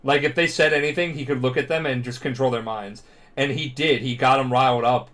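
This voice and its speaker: A drunk young man rambling through a profane, animated retelling as a podcast co-host. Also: mid-range voice, a little fast.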